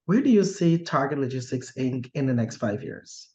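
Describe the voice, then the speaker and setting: A man hosting a business interview, affirming his guest and pausing often on "uh" as he builds his questions. His voice sits at a middle pitch. The sound is roomy and a little dull, as if picked up from the room. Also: expressive, mellow. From Guyana. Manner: affirming and deliberate, with many "uh" pauses. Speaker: interview host, business coach.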